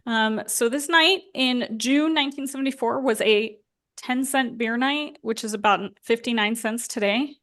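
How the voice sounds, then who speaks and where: Chatty woman telling a story, higher voice. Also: moderate pace, fairly bright tone. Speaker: podcast co-host. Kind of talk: casual podcast storytelling.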